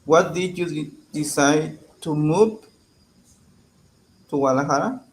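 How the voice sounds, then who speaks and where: A man's voice: a little high, unhurried. Hesitant male English learner. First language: Spanish. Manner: hesitant, searching for words, asks for corrections. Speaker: English student. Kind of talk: conversation practice lesson. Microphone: video call.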